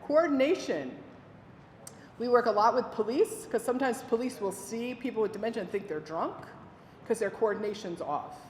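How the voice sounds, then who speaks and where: A woman teaching families about dementia care, giving a presentation and telling lively stories with quoted voices. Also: a little high, normal speed, slight background noise. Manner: lively storytelling with acted quotes. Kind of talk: presentation to an audience. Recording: echoey hall with faint ambience.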